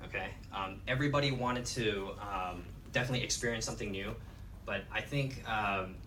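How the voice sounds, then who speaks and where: A man telling a lively story to an audience at a lunch talk, often checking in with "okay". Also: lowish voice, a little fast. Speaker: presenter. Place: lecture room. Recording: echoey room, far mic, noisy.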